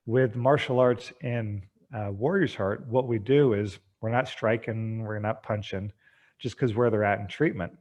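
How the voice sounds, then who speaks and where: A man speaking as a podcast guest, an energetic storyteller who acts out bits of dialogue. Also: on the low side, unhurried. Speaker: guest, treatment center founder. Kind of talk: podcast interview.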